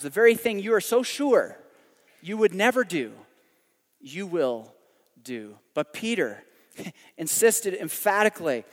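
Preacher, male, high voice, dynamic emphatic delivery, big echoing sanctuary. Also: a little slow. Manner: animated, emphatic preaching with sudden loud climaxes and quiet drops. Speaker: pastor. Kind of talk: sermon.

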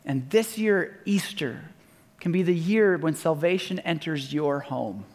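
High-voiced man preaching in a reverberant hall. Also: expressive, a little slow, darkish tone. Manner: conversational storytelling, acting out quoted voices. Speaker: pastor. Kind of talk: sermon.

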